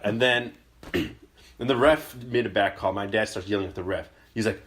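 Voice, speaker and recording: A man in casual podcast chat, telling an embarrassing story and shouting loud impressions of his angry father. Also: on the low side, moderate pace.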